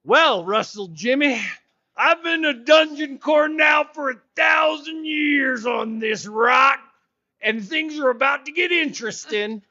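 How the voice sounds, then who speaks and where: A thousand-year-old dungeon core bellows his news in a high, bright, drawn-out voice, as a man puts him on. He sounds grandiose and pleased with himself. The sound is slightly dull and lo-fi. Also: full character voice. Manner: booming, drawn-out proclamation. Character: ancient male dungeon core running a convenience store, grandiose.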